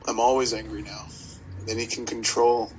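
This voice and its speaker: A man's voice: fairly low pitch, flat delivery, moderate pace, a little hiss or hum, low-quality recording. A man, a priest co-hosting a casual podcast, who talks in an easygoing, reflective way and thinks aloud with lots of fillers. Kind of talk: casual chat. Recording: music clearly playing behind.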